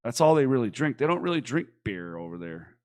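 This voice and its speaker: A young man from Michigan co-hosting a casual podcast, rambling excitedly and swearing freely. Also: medium pitch, a little fast. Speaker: podcast co-host. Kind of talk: casual chat.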